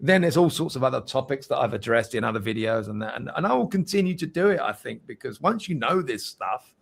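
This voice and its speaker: A man's voice: mid-range voice, expressive, brisk, gravelly, slightly rough. A man speaking as a musician guest in a casual interview, earnest, often repeating words as he searches for what to say.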